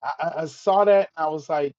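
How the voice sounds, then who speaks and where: A man's voice: a little high, fairly quick, darkish tone, muffled recording. A man hosting a live stream, ranting with exasperation, swearing, stammering and repeating himself. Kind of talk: impassioned live-stream monologue.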